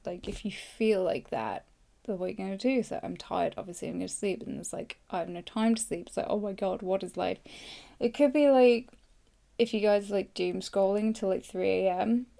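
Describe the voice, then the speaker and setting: A young woman hosting a podcast, hoarse and tired, rambling through a casual live journaling session close to the mic. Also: mid-range voice, mellow. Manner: rambling, filler-heavy, self-deprecating. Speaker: podcast host. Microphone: close microphone.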